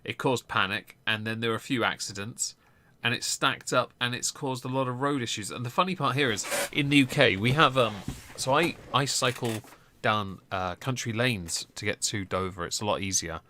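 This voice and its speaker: A man's voice: mid-range voice, normal speed, sharp tone. A man hosting a political live stream, giving casual commentary with lots of ums and blunt swearing.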